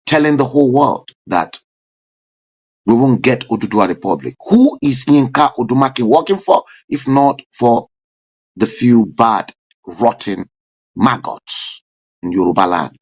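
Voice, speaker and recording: Male streamer-host, fervent and declamatory, husky, drawn-out delivery. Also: medium pitch, lively intonation. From Nigeria. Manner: fervent, declamatory, with sudden loud rising bursts. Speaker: live-stream talk show host. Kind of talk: impassioned political commentary.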